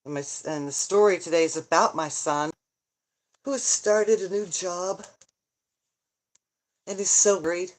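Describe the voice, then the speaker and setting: Woman, middle-aged, slow, lowish voice, joking, rambling livestream chat. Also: steady tone. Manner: joking, chatty, laughs often, answers viewer comments aloud. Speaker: vlogger, grandmother. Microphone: phone.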